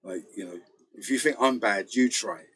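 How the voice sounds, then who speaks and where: A British man, a bass player, chatting casually in a rambling storytelling way, often acting out other people's voices. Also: moderate pace, a bit bright, slightly rough, low-quality recording. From Britain. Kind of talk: casual chat.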